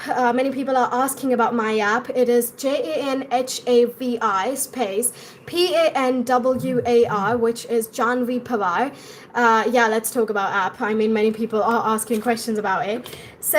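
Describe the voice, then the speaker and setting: A young woman with an Indian English accent and a high, bright voice, chatting eagerly and repeating herself as she teaches accents on a live stream. A light hiss sits faintly under her voice. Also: measured pace.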